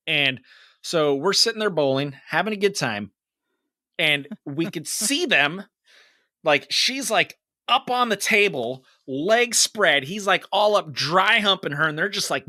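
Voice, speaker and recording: Male podcast co-host, 30s, bright dry voice, animated, profane storyteller. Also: no room sound. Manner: animated, swearing, acts out quotes with big rises in pitch. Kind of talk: casual storytelling chat.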